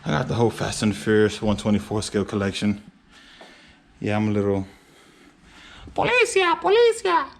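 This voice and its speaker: A man's voice: fairly low pitch, flat delivery, quick pace, gravelly, darkish tone, slight background noise. Chatty young man vlogging outdoors. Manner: loose, chatty, rambling with fillers. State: out of breath. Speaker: car vlogger. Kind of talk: casual vlog talk to camera. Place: outdoors by a truck and garage.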